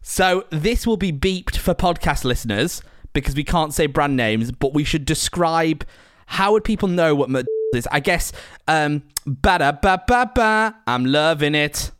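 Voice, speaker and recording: A man's voice: a little high, lively intonation, measured pace, no echo, clean studio sound. A man hosting a podcast, joking and teasing in a casual chat. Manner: jokey, playful, teasing. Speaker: podcast host.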